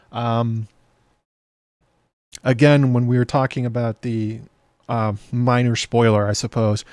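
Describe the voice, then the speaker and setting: Man, host, casual breakdown, chatty, thinks out loud, middle voice, dry close sound. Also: mid-range voice, no echo. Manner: chatty, thinking aloud with fillers and restarts. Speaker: show host. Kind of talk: casual episode breakdown with chat.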